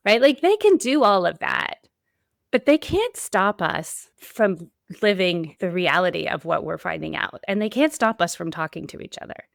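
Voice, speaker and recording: A woman's voice: lowish voice, animated, normal speed, vocal fry, no room sound, clean studio sound. A woman hosting a solo podcast, talking in an earnest, emphatic way with repeated build-ups. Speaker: podcast host.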